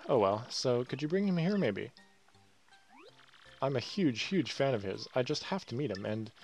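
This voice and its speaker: A man voicing a young girl fan who gushes with squealing, breathless excitement. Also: medium pitch. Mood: eager.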